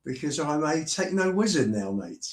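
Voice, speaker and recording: A man's voice: fairly high pitch, sing-song, moderate pace. A man joining a live stream remotely, bantering in a dry, teasing way. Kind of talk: casual banter. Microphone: remote call. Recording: roomy remote call with faint noise.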